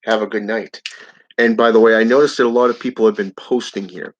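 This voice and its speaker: A man's voice: fairly low pitch, fairly even intonation, brisk. A man hosting his channel, reading viewer comments aloud in a casual live-stream chat and chuckling often. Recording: dull lo-fi audio.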